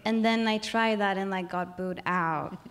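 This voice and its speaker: Speaking slowly in a clear, resonant tone at an ordinary pitch, a Swedish singer in her thirties is interviewed on a live stage. She talks loosely and openly, her sentences wandering and restarting, heavy with "like," and she laughs a lot.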